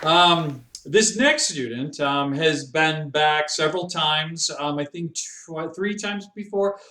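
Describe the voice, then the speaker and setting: A man's voice: a little high, takes it slowly, sharp tone. A man hosting a student comedy showcase, giving upbeat, rambling introductions. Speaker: showcase host. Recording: echoey room.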